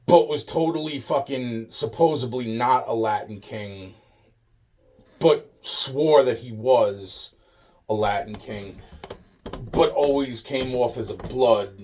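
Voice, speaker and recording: A man's voice: medium pitch, slow pace, darkish tone. A man delivering a rambling, agitated monologue, swearing constantly and repeating himself. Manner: profane, agitated, repetitive ranting.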